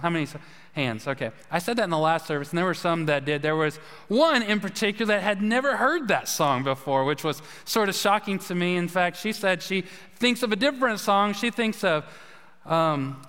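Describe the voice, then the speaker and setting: Long hall reverb surrounds a pastor preaching in a church sanctuary, his voice sitting high with a fairly bright, clean tone. He keeps the sermon casual and conversational, frequently questioning the congregation.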